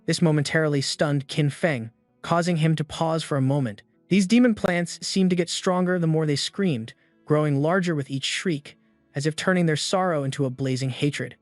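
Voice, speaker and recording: A man's voice: a little high, normal speed, no echo. A man steadily reading a scripted story recap. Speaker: narrator. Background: faint background music.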